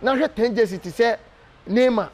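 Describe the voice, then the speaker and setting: A Ghanaian man giving an animated, emphatic casual interview, full of hesitation fillers. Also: high-pitched, moderate pace. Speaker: interview guest.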